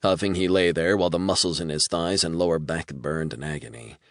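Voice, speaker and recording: A man narrating an audiobook in a measured, storytelling manner. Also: low voice, vocal fry, fairly bright tone, dry recording, clean studio sound. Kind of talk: scripted narration.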